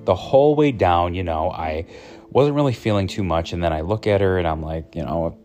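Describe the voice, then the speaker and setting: A man's voice: low voice, fairly quick, a little mellow, faint music behind. A man who works as a psychic medium, telling a story in a chatty, rambling way full of fillers. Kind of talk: casual storytelling.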